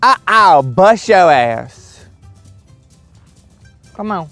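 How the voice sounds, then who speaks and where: A man's voice: high-pitched, sing-song, very slow, a bit bright, soft background music. Sassy man chatting to farm animals. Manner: sassy, profane, theatrical asides to animals. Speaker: comedian doing farm chores. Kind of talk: casual vlog talking to farm animals. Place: outdoors on a farm.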